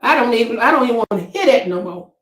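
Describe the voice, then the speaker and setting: A woman's voice: a little high, expressive, fast, roomy sound, rough recording. A woman hosting a casual commentary channel, reading viewer comments and reacting emphatically and preachily. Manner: emphatic, preachy, exclaims to the Lord.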